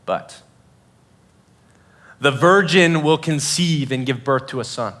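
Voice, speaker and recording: A man's voice: mid-range voice, takes it slowly, fairly bright tone. A man preaching a sermon to students in a casual, conversational way, full of fillers and acted-out quotes. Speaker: youth pastor.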